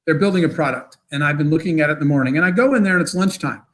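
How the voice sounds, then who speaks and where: A man, a guest entrepreneur, telling motivational stories in an interview in an animated, quick way. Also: fairly high pitch, low-quality recording. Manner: animated, fast storyteller with bursts of laughter.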